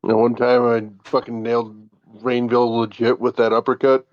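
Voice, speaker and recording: A man's voice: medium pitch, level tone, normal speed, dry recording, muffled recording. A man co-hosting a casual podcast chat, making brief, blunt interjections. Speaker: podcast co-host.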